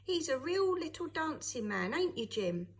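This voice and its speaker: A woman's voice: high voice, big pitch swings, moderate pace, voice pushed up. A woman reading aloud, voicing a cheerful, caring young street girl who talks with a laugh. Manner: laughing, warm-hearted.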